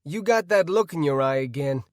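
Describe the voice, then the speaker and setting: A man's voice: fairly high pitch, lively intonation, brisk, no echo, studio quality, voice pushed up, lightly acted. A man doing an easygoing stoner-ish gamer. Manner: loose, easygoing.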